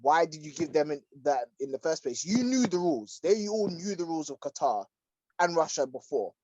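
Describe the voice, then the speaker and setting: A man co-hosting a casual podcast chat, breaking in with quick agreements and extra points. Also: fairly high pitch, sing-song, a little mellow, dry recording, dull audio. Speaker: podcast co-host.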